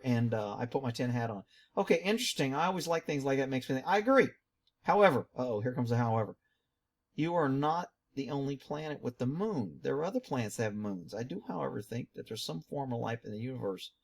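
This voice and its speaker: A middle-aged man hosting his own channel, reading viewer comments aloud and answering them in a chatty, animated way with muttered asides. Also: medium pitch, vocal fry. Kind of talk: casual commentary.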